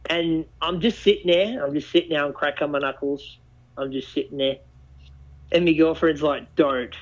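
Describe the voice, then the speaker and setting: A man hosting a casual chat and telling stories in an animated way, swearing freely. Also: fairly high pitch, normal speed. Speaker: podcast host. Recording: dull lo-fi audio.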